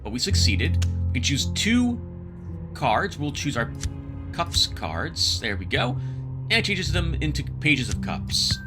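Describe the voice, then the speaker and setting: A man talks his way through a solo board game at home, thinking aloud and muttering asides as he flips cards. His pitch rises and falls a lot. Clear music plays underneath him the whole time. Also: sing-song, unhurried. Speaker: board game player narrating a solo playthrough. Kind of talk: casual let's-play commentary.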